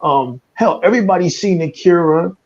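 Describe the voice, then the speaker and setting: A man's voice: high-pitched, normal speed, highs cut off. A man from the United States hosting a casual podcast, talking in a profane, opinionated way with stammering restarts. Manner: profane, stammering restarts, laughs at his own jokes. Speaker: podcast host.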